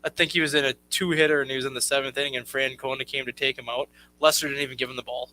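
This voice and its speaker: A man co-hosting a sports talk show, telling anecdotes quickly and quoting what people said. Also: mid-range voice, flat delivery, bright, forceful tone, rough recording. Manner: quick, recounts anecdotes with quoted lines.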